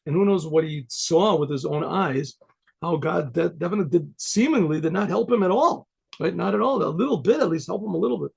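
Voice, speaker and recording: A man's voice: fairly high pitch, lively intonation, fairly quick. A man, a rabbi, telling a story in a rambling, conversational way with frequent restarts. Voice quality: gravelly, husky voice. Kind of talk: storytelling talk.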